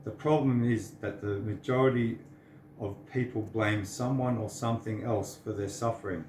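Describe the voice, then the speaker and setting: A man's voice: on the low side, steady tone, moderate pace, a little mellow, roomy sound, slight background noise. An earnest, sincere man, giving a preachy personal monologue to the camera. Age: 30s. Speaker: vlogger.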